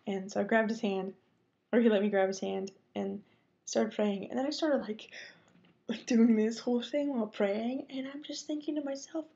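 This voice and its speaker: A young woman casually telling a personal story on a vlog, acting out her own thoughts in whispers and squeaks. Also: a little fast, gravelly, dark tone, lo-fi sound. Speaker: vlogger.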